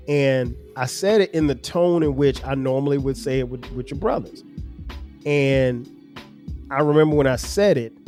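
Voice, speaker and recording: Mid-range and dark in tone, this father hosts a podcast where he earnestly discusses parenting with his kids. He's middle-aged, and in this thoughtful family talk he gives long explanations with frequent restarts.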